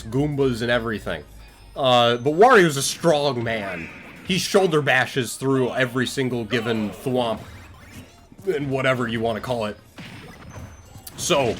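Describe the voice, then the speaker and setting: A young man live-streaming, improvising a silly story in a rambling, playful way and talking straight to his chat. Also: mid-range voice.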